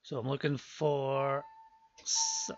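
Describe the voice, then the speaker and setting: A man's voice: medium pitch, huge pitch swings, slow pace, vocal fry, slightly rough, lo-fi sound. A man calling a live auction stream, chatty with joking asides, his voice worn from a long day before.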